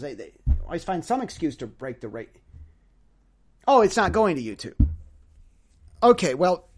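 A man hosting a solo podcast, telling a rambling story with sarcasm and lots of stammered restarts. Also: sits high. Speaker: podcast host.

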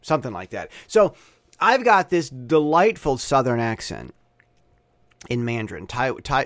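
A man's voice: mid-range voice, very animated, unhurried, fairly bright tone, no room sound. Guy rambling solo into the mic, lots of stammers and restarts, dry dead sound. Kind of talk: rambling casual monologue.

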